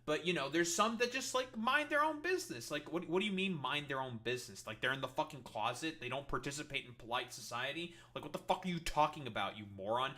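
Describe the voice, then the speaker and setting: A man's voice: a little high, animated, fast talker, hardly any pauses, pushed and bright. A man streamer reacting to a clip, ranting in a heated, sarcastic, profane way. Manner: sarcastic, heated, swears constantly.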